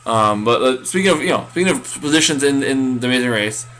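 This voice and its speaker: A man's voice: medium pitch, animated, quick pace, a bit bright. A man co-hosting a casual recap podcast, rambling with many fillers and restarts. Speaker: podcast co-host.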